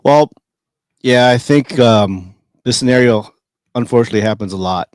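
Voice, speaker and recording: Male host, halting and repetitive, mid-pitched, dry close sound. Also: a little mellow, no room sound. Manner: halting, filler-heavy, repeats words. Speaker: podcast host. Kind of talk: casual chat.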